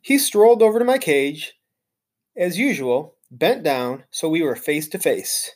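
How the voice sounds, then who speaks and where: A male teacher reading a children's chapter book aloud, narrating in an expressive, storytelling way. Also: fairly high pitch, measured pace.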